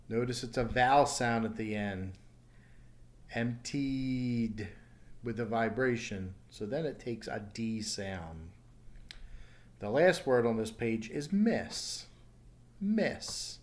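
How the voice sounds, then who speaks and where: A man teaching English pronunciation in a recorded online lesson, slowly repeating each word clearly and patiently. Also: mid-range voice. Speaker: ESL teacher.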